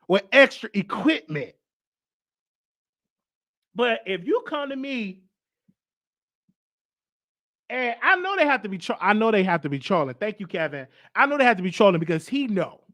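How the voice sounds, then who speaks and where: Animated, high-pitched male host. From United States. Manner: emphatic, repeats himself, reads out comments. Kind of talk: casual live-stream commentary.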